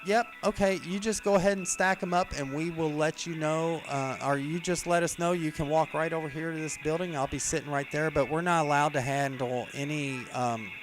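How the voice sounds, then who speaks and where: A man's voice: fairly high pitch, steady tone, a little fast, few pauses, background noise, voice pushed up, natural voice. A man voicing a blunt, sassy female store coworker, matter-of-fact and brash. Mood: breezy.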